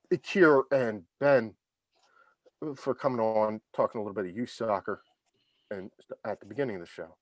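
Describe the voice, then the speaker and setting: A man's voice: mid-range voice, a bit bright, dry recording. A man hosting a casual soccer podcast roundtable over a video call. He is jokey and keeps the segment moving. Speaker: podcast host.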